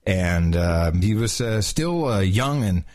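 A man's voice: sits low, expressive, takes it slowly, darkish tone. A man hosting a podcast in casual chat, wry and hesitant, with many fillers. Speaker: podcast host.

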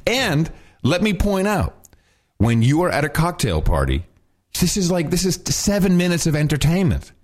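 A man co-hosting a podcast, bantering in a jokey, animated way and slipping into mock voices. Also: fairly high pitch, moderate pace. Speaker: podcast co-host. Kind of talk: casual banter.

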